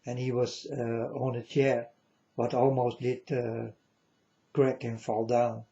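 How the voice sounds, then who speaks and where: Slow, solemn man in a muffled recording. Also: flat delivery. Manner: solemn, halting, repeats phrases, sometimes loud. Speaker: self-styled prophet. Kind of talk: religious monologue to viewers. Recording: muffled low-fidelity recording.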